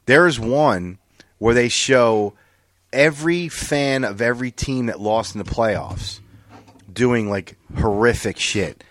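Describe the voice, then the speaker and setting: A man's voice: mid-range voice, slow, no echo. A man hosting a podcast, telling funny stories in a casual, profane way and acting out what people said. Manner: animated, profane storytelling with acted-out quotes. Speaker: podcast host. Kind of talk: casual chat.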